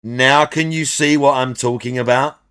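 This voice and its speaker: A man's voice: mid-range voice, fairly even intonation, normal speed, fairly bright tone, smooth. A man with a mid-range voice gives reaction commentary, pointing out details and explaining at length. He restarts and rambles as he picks things apart. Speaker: reaction host.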